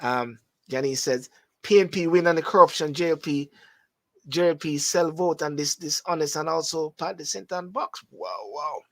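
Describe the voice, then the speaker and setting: A Jamaican man hosts a live-streamed call-in talk show, speaking animatedly and repeating words as he reads out viewer comments. His voice sits on the high side, fairly bright, at a moderate pace.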